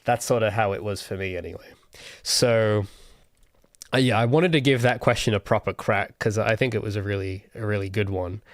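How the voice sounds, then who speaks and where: A man's voice: fairly low pitch, normal speed, no echo. A young adult man hosting a casual livestream Q&A, rambling and thinking aloud with many restarts. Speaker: solo game developer streamer.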